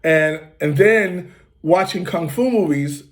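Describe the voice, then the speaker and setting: A man from the United States hosting, telling a relaxed, rambling story full of fillers and restarts, with occasional coughs. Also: high voice, slow. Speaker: host. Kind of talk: casual storytelling.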